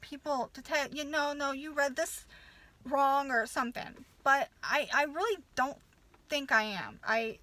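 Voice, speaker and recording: A woman's voice: high-pitched, sharp tone, rough recording. A woman in her thirties, a nurse and mother, venting angrily to camera with lots of swearing and stop-start restarts. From United States. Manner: profane, halting, many restarts. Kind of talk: angry personal rant.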